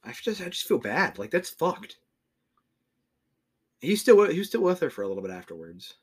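A man's voice: on the high side, big pitch swings, moderate pace, breathy edge. A young man co-hosting a podcast, chatting casually and ranting with plenty of swearing. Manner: profane, ranting. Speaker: podcast co-host. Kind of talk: casual chat.

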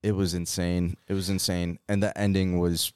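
A man co-hosting a podcast in casual chat, excitable and swearing as he acts out game scenes. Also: deep voice, moderate pace, smooth, no echo, studio quality. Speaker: podcast co-host.

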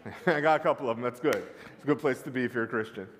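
A man's voice: mid-range voice, very fast, fairly bright tone. A male pastor preaching a sermon in a church, telling stories and calling out to his congregation with emphasis, his voice ringing with long reverb. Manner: storytelling, emphatic, calls to the congregation. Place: church sanctuary.

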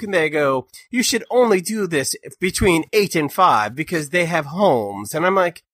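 A man co-hosting a casual political podcast, talking in an animated way and mocking people by quoting them in put-on voices. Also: sits high, normal speed, hardly any pauses, dry recording, studio quality. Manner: animated, mocks others in quoted voices. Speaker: podcast co-host.

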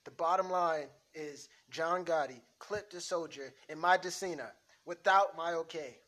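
A man's voice: on the high side, a little slow, bright, forceful tone, slight background noise, pitched above the performer's own voice. A man reading a script aloud, playing a cold, angry mob boss with clipped, cursing lines in an amateur script reading. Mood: cold anger.

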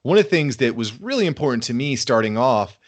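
A man in his thirties guesting on a casual podcast, his voice at an ordinary middle pitch. He talks upbeat and enthusiastic, warming to his subject as he goes. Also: very animated, fast talker. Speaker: podcast guest, fatherhood brand founder. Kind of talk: casual interview conversation.

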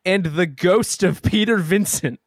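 A man's voice: high voice, a little slow, dry recording, clean studio sound. Joking, rambling male podcast host. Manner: joking, rambling with many fillers. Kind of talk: casual podcast chat.

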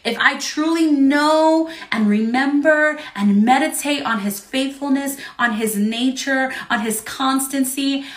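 A woman's voice: high-pitched, slow pace, hardly any pauses, fairly bright tone, reverberant. A young woman giving an earnest, encouraging devotional talk to an online audience, laughing often between points. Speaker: preacher.

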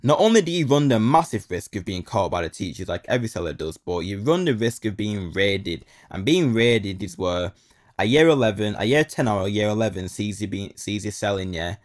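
A young man, telling a casual story full of slang and repeated phrases. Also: fairly low pitch.

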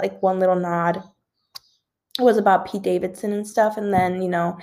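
Young woman host, casual rambling gossip chat, filler-heavy. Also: medium pitch. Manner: rambling, filler-heavy, yawns now and then.

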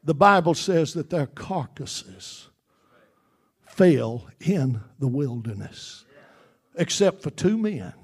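A man preaching a sermon in a fervent, repetitive style that builds toward shouting. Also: a little high, big pitch swings, slow, slightly rough.

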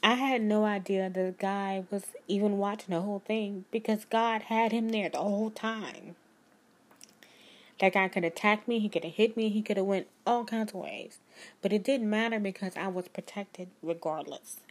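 A woman's voice: mid-range voice, moderate pace. A woman, a spiritual life coach telling a personal story to her viewers in an earnest, emphatic way. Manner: earnest, emphatic, speaks of God.

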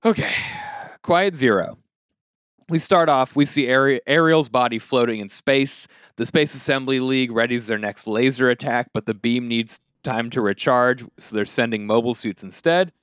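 A man's voice: medium pitch, moderate pace, fairly bright tone, smooth, no echo, clean studio sound. A young man co-hosting a podcast, casually recapping an anime episode with jokes and fillers. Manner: joking, rambling recap with fillers. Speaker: podcast co-host.

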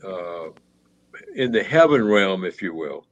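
Man, lower register, hesitant storyteller, muffled recording. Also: expressive. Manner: halting, many restarts and fillers. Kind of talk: reflective conversational storytelling. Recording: muffled low-fidelity audio.

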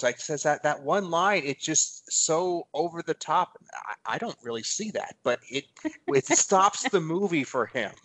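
A man's voice: mid-range voice, fairly bright tone. A man hosting a podcast, chatting in a thoughtful way, hesitating and restarting his sentences often. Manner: thoughtful, hesitant, with frequent restarts and agreeing murmurs. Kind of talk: casual chat.

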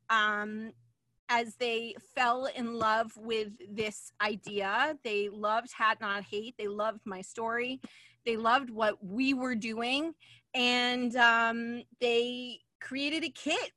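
Chatty emotional woman hosting a live stream, high voice, dry sound. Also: bright, forceful tone, no room sound. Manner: emotional, chatty, many fillers. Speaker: livestream host. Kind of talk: casual livestream chat.

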